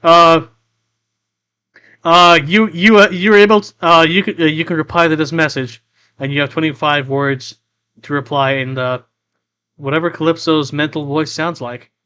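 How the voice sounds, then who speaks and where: A man's voice: on the high side, steady tone, normal speed, bright, forceful tone, clear, resonant tone. A man running a tabletop pirate game as game master, talking casually in a rambling way, full of restarts and asides.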